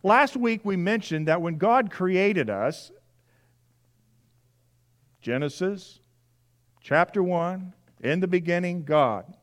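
A pastor preaching a sermon in a church, talking to the congregation in a conversational way, repeating key phrases and acting out little scenes. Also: male voice, sits high, animated, takes it slowly, pauses often. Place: church sanctuary.

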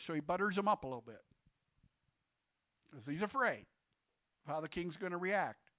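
A man with a fairly high voice preaches a sermon in a loose, chatty way, quizzing his listeners as he goes. The recording sounds dull and lo-fi, dry with no room echo. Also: animated, moderate pace, pauses often. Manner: conversational, quizzes the congregation with questions. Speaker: pastor.

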